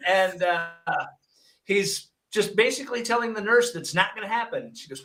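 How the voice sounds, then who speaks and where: A man's voice: high voice, moderate pace, recorded from a distance. A man from Michigan, a hypnotist and paramedic, telling an anecdote casually and acting out the dialogue with wry jokes. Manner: animated storyteller, acts out dialogue with wry jokes. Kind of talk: casual storytelling.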